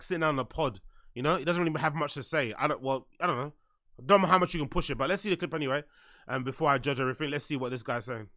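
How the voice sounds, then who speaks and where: Bright-voiced livestream host. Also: male voice, fairly high pitch. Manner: slangy, repeats phrases over and over. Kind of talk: casual livestream chat.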